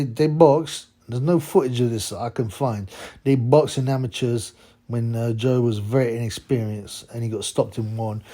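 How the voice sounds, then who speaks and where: Mellow-voiced man ranting. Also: medium pitch. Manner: mocking, rambling, full of fillers. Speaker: boxing channel host. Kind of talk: ranting commentary.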